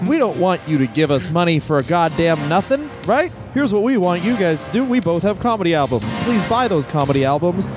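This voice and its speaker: A man's voice: sits high, lively intonation, brisk, few pauses, over music. A man co-hosting a comedy podcast, chatting casually with crude, profane jokes. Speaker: podcast co-host.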